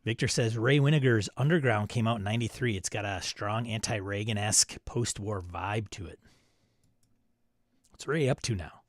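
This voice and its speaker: A man's voice: lowish voice, moderate pace, no room sound. Chatty male stream host, dry sound. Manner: reads chat messages aloud, chuckling and riffing. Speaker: host of a live stream show. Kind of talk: casual live-stream chat reading viewer comments.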